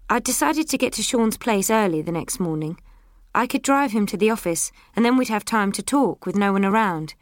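A woman narrating an audiobook in the first person in a brisk, matter-of-fact way. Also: medium pitch, animated, no room sound, studio quality.

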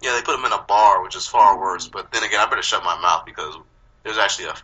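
A man's voice: deep voice, fast, pushed and bright, breathy edge, dull audio. A man casually chatting as a podcast co-host, joking and profane, laughing often and mimicking voices. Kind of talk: casual chat.

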